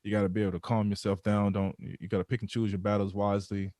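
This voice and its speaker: Low-voiced man telling a story. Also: fast, no echo, studio quality. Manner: animated, repeats words while building a story. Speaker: podcast guest, former pro football player. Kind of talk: conversational storytelling.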